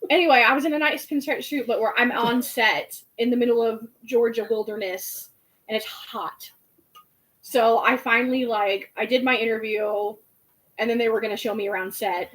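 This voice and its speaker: A young woman in her twenties, chatting casually and telling an animated story with lots of fillers. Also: a little high, poor audio. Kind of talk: casual chat.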